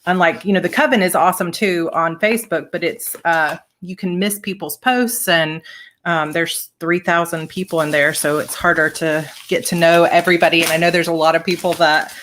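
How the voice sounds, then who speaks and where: A woman hosts a relaxed live chat, her voice sitting a little low for a woman. She gushes warmly, laughs and tears up as she talks, with thanks spilling out between breaths. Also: normal speed, a little hiss or hum. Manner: gushing, emotional, laughs and tears up often. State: tearful. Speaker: author and channel host. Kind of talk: casual live chat, opening fan mail.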